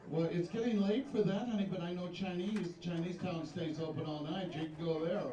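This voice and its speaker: A pageant host with a high-pitched, dark-toned, steady voice talks fairly quickly on stage, teasing contestants and tossing jokey asides to the crowd between questions. The audio is dull, captured by a distant mic in an echoey hall full of audience noise.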